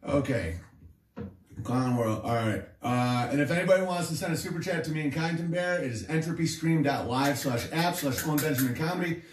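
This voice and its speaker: A man's voice: on the high side, fast, few pauses, roomy sound, recorded from a distance. A man hosting a comedy show, riffing in a sarcastic, crude, rambling way. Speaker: comedian host.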